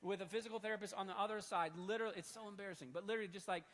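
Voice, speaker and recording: A man in his thirties preaching in a church hall, telling a story in an animated, conversational way. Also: high voice, racing. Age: 30s. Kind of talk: sermon storytelling. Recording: long hall reverb.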